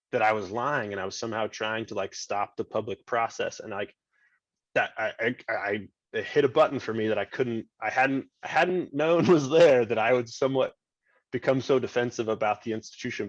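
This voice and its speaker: A man in a casual podcast interview, rambling through his story with constant "like" fillers and frequent restarts. His voice sits in an ordinary middle pitch. The recording sounds a bit dull and lo-fi, with a dry, close sound and no room echo. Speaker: podcast guest, state government chief of staff.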